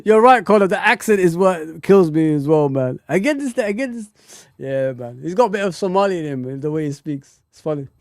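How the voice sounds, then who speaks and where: Male stream host, slightly high pitch, laid-back interjections, dry close-miked sound. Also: expressive, moderate pace, vocal fry, mellow, no room sound. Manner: laid-back, chimes in with short agreeing remarks. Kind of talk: casual live-stream chat.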